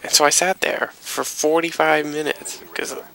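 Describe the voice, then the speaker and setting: Gravelly young man rambling through a story. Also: fairly high pitch, level tone, moderate pace, sharp tone, rough recording. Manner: rambling, swearing, loose anecdotal delivery. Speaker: gaming commentator. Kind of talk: rambling storytelling over gameplay.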